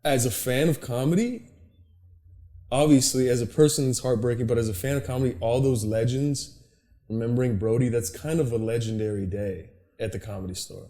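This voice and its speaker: Young male podcast host, mid-pitch, lively storyteller, swears, mimics people. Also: fairly quick. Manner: animated storyteller, swears often, acts out quotes. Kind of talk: casual chat.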